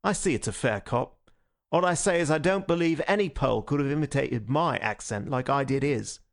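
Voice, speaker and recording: A man reading a storybook voicing a cool, cheeky detective with a Cockney accent, a little gravelly. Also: medium pitch, moderate pace, pitched above the performer's own voice, close to an everyday voice. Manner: breezy, cheeky.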